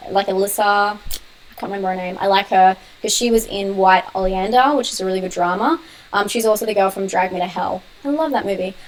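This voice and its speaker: Speaking rapidly at a medium pitch, a young woman fields viewer comments during a casual horror-channel live stream Q&A, laughing frequently. The audio is rough.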